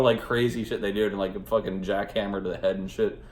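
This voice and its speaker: A man's voice: lowish voice, fairly even intonation, fast, few pauses, a little mellow, roomy sound. A man giving a casual spoken movie review, rambling and profane, with lots of filler words.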